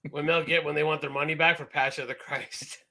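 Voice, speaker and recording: A man co-hosting a podcast in casual chat, animated and laughing often, slipping into quoted voices. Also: fairly high pitch, quick pace, creaky. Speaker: podcast co-host.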